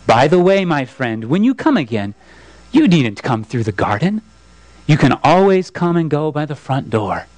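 A man reading as a gentle old bishop. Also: a little high, sing-song, moderate pace, no room sound. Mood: solemn.

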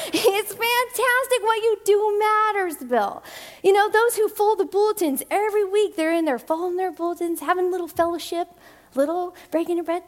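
Her voice is very high as this church family and children's ministry director talks casually to the congregation. She impersonates the voices she quotes, laughs often, and speaks in rushed bursts that she keeps restarting.

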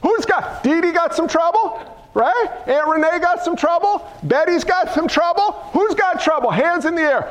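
A man preaching a sermon as pastor, fiery and animated, calling out to the congregation for responses and dropping folksy asides and loud exclamations. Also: extremely high pitch, normal speed.

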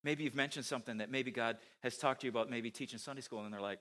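A man preaching a sermon, animated, who asks his listeners many rhetorical questions. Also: medium pitch, quick pace, hardly any pauses.

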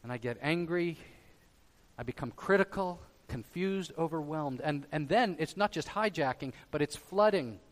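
A male pastor delivers a sermon in a slightly high voice. He pushes loudly on his main points, then drops low and soft. The long reverb of a large hall trails behind every phrase. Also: animated, normal speed. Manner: emphatic preaching, swinging between loud stresses and quiet drops.

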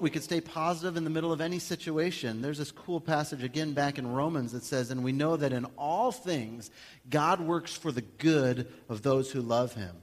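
A male pastor preaching a sermon in a conversational, animated way, acting out little everyday scenes. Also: medium pitch. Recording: long hall reverb.

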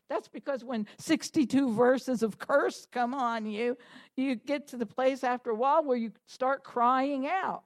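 High-voiced woman preaching a fervent sermon. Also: unhurried. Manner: animated, laughing, rising to fervent shouted prayer.

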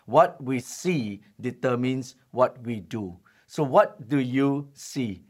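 A man preaching a sermon as pastor, telling stories and slowing down to stress his key points. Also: medium pitch, lively intonation, breathy edge. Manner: storytelling preacher, emphatic, slows for key lines.

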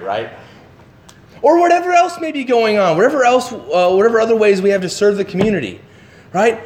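A man giving a sermon, animated and full of questions to his listeners, acting out the voices of the people in his story. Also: high-pitched, fairly quick, roomy sound. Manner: animated, acts out voices of the disciples; asks the listeners many questions. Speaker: pastor.

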